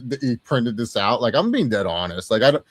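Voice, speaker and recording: A young man co-hosting a casual movie review chat, animated and swearing freely as he acts out quotes. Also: mid-range voice, a little fast, no room sound. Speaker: co-host of a movie review show.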